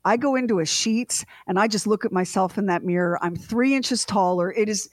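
A middle-aged woman co-hosting a radio show, telling a funny story in a casual, animated way with laughing asides. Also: mid-range voice, a little fast, no echo.

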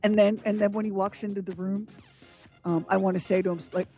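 A woman's voice: medium pitch, fairly even intonation, fast, mellow, faint music behind. A woman co-hosting a radio show, chatting in a playful, joking way. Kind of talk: comic morning radio chat.

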